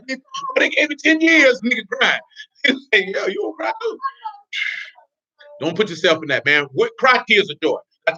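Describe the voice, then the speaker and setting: A man's voice: high voice, pushed and bright. A man giving informal, blunt religious teaching in streetwise slang, with laughing asides. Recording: dull lo-fi recording.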